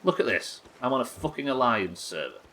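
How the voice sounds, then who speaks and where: A man's voice: medium pitch, sing-song, brisk, fairly bright tone, slight background noise. An English man streaming a game, chatting casually and rambling, swearing freely as he plays. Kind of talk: casual chat while playing.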